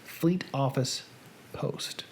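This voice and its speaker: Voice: mid-range voice, drawn-out words, whispered. A host chatting casually on a live reading show, joking and reacting to viewers.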